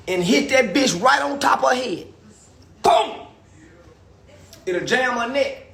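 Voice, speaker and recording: A man on a phone livestream delivering a loud, crude, animated comedic rant, laughing often. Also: extremely high pitch, creaky. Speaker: livestream commentator.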